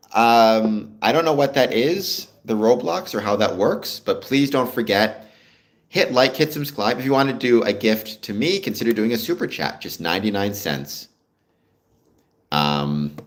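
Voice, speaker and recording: Canadian man, livestream host, casual chat, low voice, animated pitch. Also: unhurried. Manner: chatty, reads out and answers viewer comments. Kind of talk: casual live-stream chat with viewers.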